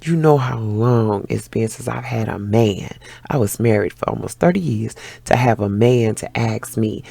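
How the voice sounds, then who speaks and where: Brief: vlogger woman, 50s, gravelly husky voice, lively storyteller who swears casually, dry close sound. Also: rumbling low, moderate pace, no room sound. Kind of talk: casual life update to viewers.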